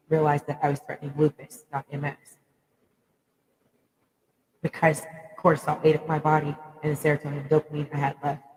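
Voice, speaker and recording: A woman's voice: deep voice, a little mellow, in a large hall, slight background noise, poor audio. A woman giving a raw, emotional personal monologue to viewers, speaking bluntly and swearing freely.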